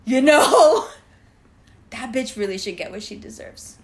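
A young woman in casual chat with friends, telling an animated story full of "like" fillers, acting out quotes and laughing often. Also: medium pitch, normal speed.

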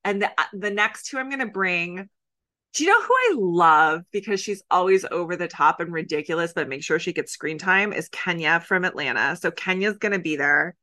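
A woman's voice: on the low side, animated, moderate pace, bright, forceful tone. A young adult woman co-hosting a podcast, chatting casually and rambling through jokes. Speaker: podcast co-host. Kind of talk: casual chat.

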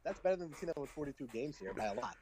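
A man's voice: a little high, big pitch swings, rapid-fire, darkish tone. A man co-hosting a casual sports podcast, brash and joking as he trash-talks, heard over a remote call. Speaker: podcast co-host.

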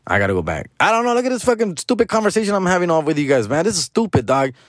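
A man's voice: sits high, very fast, no echo, studio quality. Profane Mexican-American man telling a story. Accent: Mexican-American English, code-switching to Spanish. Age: 40s. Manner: profane, slangy, animated storytelling. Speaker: podcast host. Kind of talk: casual storytelling monologue.

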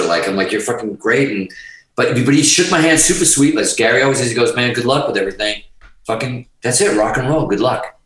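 Profane animated storyteller man. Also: medium pitch, a little fast, heavy reverb, recorded from a distance, low-quality recording. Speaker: guest musician. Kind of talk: casual storytelling.

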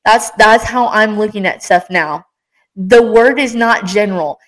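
A woman's voice: mid-range voice, a little slow, fairly bright tone, poor audio. A young woman hosting a casual faith podcast, talking with passion and energy in a rambling, encouraging way. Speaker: podcast host.

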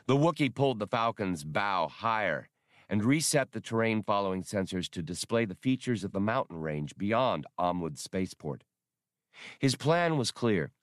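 A man reads an audiobook in a low voice. His pitch rises and falls a great deal as he tells the story. The recording is dry and close. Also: lively intonation, moderate pace, dry recording. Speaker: audiobook narrator. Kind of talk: audiobook reading.

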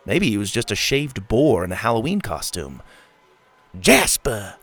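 Lively male storybook narrator. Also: on the low side, normal speed. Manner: lively, expressive reading. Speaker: audiobook narrator.

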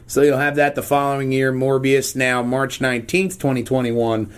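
A man's voice: mid-range voice, steady tone, moderate pace, clean tone. A man hosting a casual podcast, rambling and joking irreverently. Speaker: podcast host. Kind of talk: casual chat.

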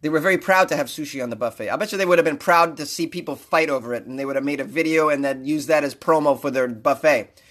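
A man hosting a comedic news talk show, mocking stories with loud rants and frequent laughter. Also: on the high side, fast. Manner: ranting, mocking, rising to loud outbursts; laughs often while talking. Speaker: podcast host reading news.

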